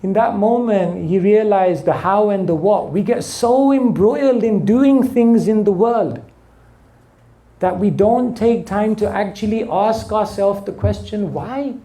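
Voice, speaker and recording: A man's voice: unhurried, mellow. A man giving a spiritual class, telling stories and acting out the dialogue in them. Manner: storytelling, acting out dialogue with rising pitch. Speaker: spiritual teacher. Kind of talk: sermon.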